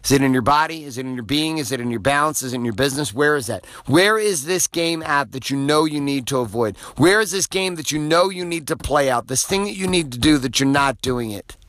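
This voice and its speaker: Fired-up motivational guy, middle-aged, swears a lot, fairly high voice, dry sound. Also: animated, a little fast, few pauses, fairly bright tone, no echo. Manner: intense, profane, preachy. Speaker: motivational podcast host. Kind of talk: motivational monologue.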